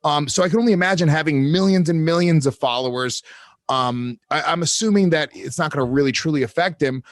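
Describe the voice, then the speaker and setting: A man's voice: fairly high pitch, a little fast, dry recording. Loose-talking man, dry close sound. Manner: loose, profane, rambling. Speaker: podcast co-host. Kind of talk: casual podcast chat.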